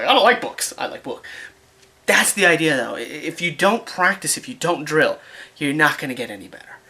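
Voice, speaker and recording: A man's voice: a little high, lively intonation, brisk, bright, forceful tone. A man vlogging casually about his study habits, rambling and joking at his own expense. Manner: rambling, self-mocking, jokey. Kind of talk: casual rambling vlog talk.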